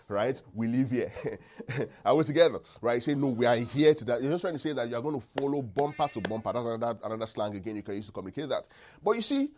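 A man preaching a sermon, often quizzing the congregation and pausing for them to fill in the words of a verse. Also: mid-range voice, sing-song, darkish tone. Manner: call-and-response, asks congregation to finish verses; checks in often with the listeners.

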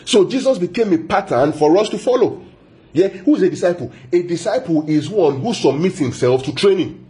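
A man preaching a Bible sermon, repeating phrases for emphasis, asking the listeners questions and stretching key words out slowly. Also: high voice, expressive, warm tone.

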